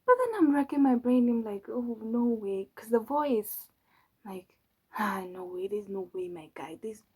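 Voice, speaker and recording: A woman's voice: medium pitch, husky, rough recording. A young woman telling a story in a casual, drawling way, mocking and exasperated, her voice often trailing into whispers. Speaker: channel host.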